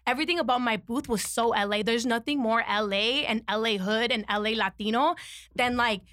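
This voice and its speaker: A woman's voice: a little high, brisk, a bit bright, dry recording, studio quality. A woman telling a story in casual chat, slangy and rambling with lots of fillers.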